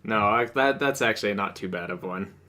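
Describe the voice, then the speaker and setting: A man co-hosting a podcast in casual chat, making slow, wry teasing jokes. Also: lowish voice, sharp tone. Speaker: podcast co-host.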